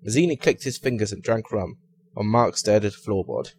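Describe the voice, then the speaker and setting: A man reading a comic detective story aloud with a wry, expressive delivery. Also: lowish voice, brisk, slight background noise.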